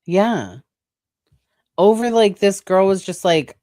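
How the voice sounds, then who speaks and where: A woman's voice: mid-range voice, expressive, warm tone, dry recording, studio quality. A woman co-hosting a casual podcast, talking earnestly and with empathy about how things feel. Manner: unhurried, earnest and empathetic, dwells on feelings. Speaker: podcast co-host.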